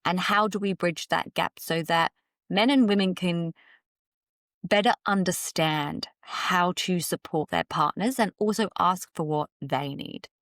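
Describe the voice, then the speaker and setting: A woman's voice: fairly low pitch, measured pace, fairly bright tone, no echo, clean studio sound. A woman hosting a podcast, asking a guest thoughtful questions and rephrasing mid-sentence. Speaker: podcast host. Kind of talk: interview questions.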